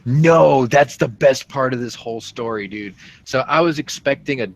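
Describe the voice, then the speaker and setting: A man's voice: mid-range voice, normal speed, rough recording. A man telling a story casually and animatedly, swearing freely and trailing into fillers.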